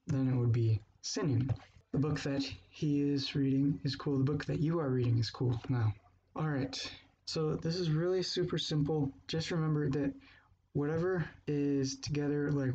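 A man teaching a language lesson, explaining grammar step by step and patiently repeating example phrases slowly. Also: medium pitch, dark tone, highs cut off, a little hiss or hum.

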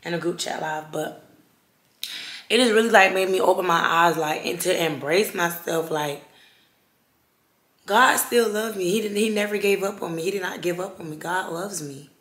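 A young woman talking to her vlog audience, halting and fervent, often repeating herself. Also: on the low side, a bit bright. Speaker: vlogger. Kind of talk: emotional personal vlog talk. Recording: echoey room.

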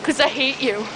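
Giggly woman filming in a noisy store. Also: on the high side. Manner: giggly, teasing, exclamatory. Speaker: person filming a home video. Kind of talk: casual chat. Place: inside a large store. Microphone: handheld camcorder.

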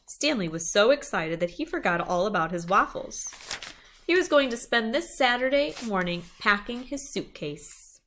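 A woman's voice: medium pitch, normal speed, a little hiss or hum. A woman reading a children's chapter book aloud, with small asides to her listeners. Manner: lively storytelling, small asides.

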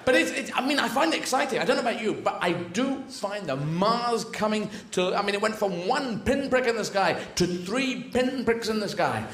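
Male stand-up, excitable and rambling, fairly high and animated; echoey live room with noise. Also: normal speed, few pauses. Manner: rambling, excitable, swears freely, jumps into voices. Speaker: stand-up comedian. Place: live comedy venue.

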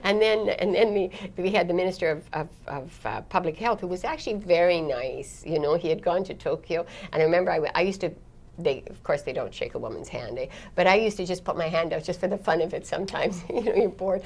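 Gravelly low-voiced woman telling stories. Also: quick pace, darkish tone. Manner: chatty, laughing often, many restarts. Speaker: foreign correspondent. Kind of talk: reflective interview storytelling.

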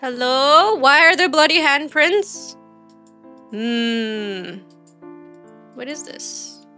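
A woman's voice: sits high, pushed and bright. A woman streamer giving casual let's-play commentary, chatty, thinking aloud and quizzing the game characters.

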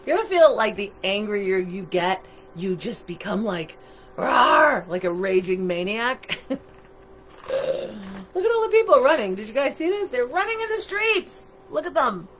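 Animated woman reading a storybook aloud. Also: medium pitch, measured pace, a little hiss or hum. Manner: chatty, animated, asks listeners questions. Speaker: storytime reader. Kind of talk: reading a picture book aloud to children online. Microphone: computer microphone on a livestream.

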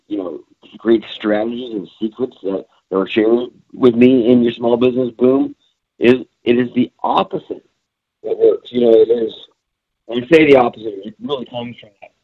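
A man talks through a small business webinar like a storyteller, his pitch swinging widely and his low voice gravelly and husky. He fills his speech with casual fillers. The audio sounds dull and lo-fi. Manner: lively storyteller, frequent fillers. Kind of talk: conversational webinar talk.

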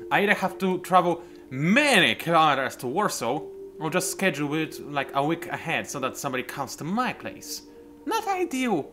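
A young man talks through his gameplay in a loose, wandering way, drifting into side stories. His pitch sits a bit high for a man and swings widely as he goes. His tone is bright and clear, with faint game music behind him. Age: 20s. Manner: rambling, chatty, wanders off topic. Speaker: let's play host. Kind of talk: casual gameplay commentary. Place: home room.

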